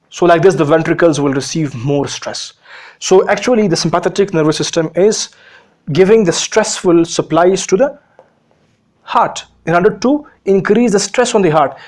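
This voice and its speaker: A man's voice: a little high, darkish tone. Man lecturing on physiology, self-questioning. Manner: explanatory, asks himself questions and answers them; frequent fillers and repetitions. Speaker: medical lecturer.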